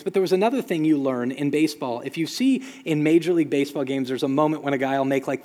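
A man preaching a sermon as pastor, telling stories with lively sound effects. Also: a little high, in a large hall. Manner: storytelling, animated with sound effects.

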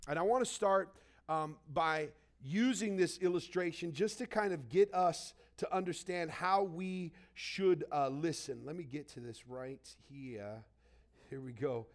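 A high-voiced man preaches to his congregation. He tells a story with lively, animated delivery and drops low and quiet for asides. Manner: animated storytelling, shouting quoted lines. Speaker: pastor. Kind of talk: sermon.

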